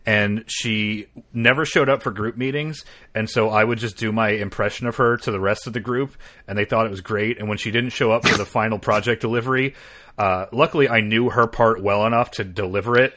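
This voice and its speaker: A man's voice: medium pitch, fairly bright tone. A man hosting a podcast, telling stories in a wry, casual way with offhand swearing. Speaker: podcast host. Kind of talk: casual chat.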